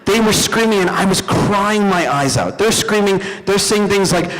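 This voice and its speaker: A young man doing a stand-up comedy set, telling animated stories and talking to the crowd. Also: high-pitched, normal speed, hardly any pauses. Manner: animated storytelling, addresses the crowd. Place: event hall stage. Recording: live hall with long reverb.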